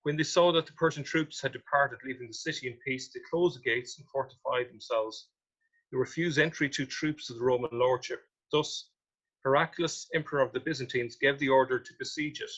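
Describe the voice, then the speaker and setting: A man's voice: mid-range voice, a little fast, fairly bright tone, slightly rough. A man walking listeners through old sources and maps, reading quotations and then asking pointed questions about them. His voice sits in a middling register. The recording sounds dull and lo-fi. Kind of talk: explaining history with slides.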